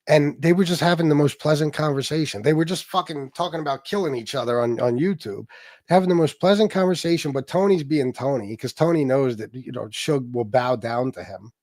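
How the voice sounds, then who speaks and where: A middle-aged man hosting a casual livestream, telling stories in a profane, mocking and lively way. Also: fairly high pitch, brisk, no room sound. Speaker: livestream host.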